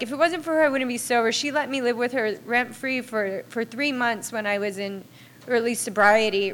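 A woman's voice: on the high side, fairly bright tone, a little hiss or hum. Candid, swearing woman sharing her story. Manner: candid, swears often, many fillers. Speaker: meeting speaker. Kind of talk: personal recovery share.

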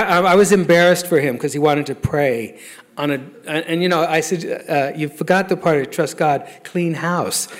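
Wry, laughing man sharing his story. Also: fairly high pitch. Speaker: speaker sharing recovery story. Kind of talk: personal testimony talk.

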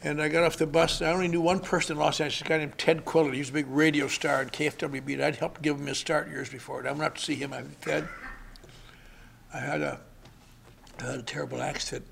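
A man's voice: a little high, level tone, rapid-fire, gravelly, hardly any pauses, fairly bright tone, a little hiss or hum. An older man sharing his recovery story with dry, wry humor at a convention. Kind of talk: recovery meeting talk. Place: convention hall.

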